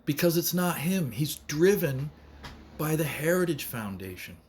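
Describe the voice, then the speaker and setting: A man's voice: a little high, very animated, a little slow, slight background noise. A man giving an earnest, emphatic political monologue to camera, repeating phrases to drive his points home. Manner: earnest, emphatic, repetitive rallying speech. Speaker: vlogger.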